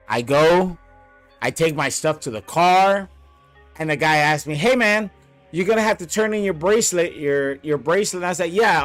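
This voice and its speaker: A man telling an angry story about a bad trip, blunt and profane, repeating lines for emphasis. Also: on the high side. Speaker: vlogger.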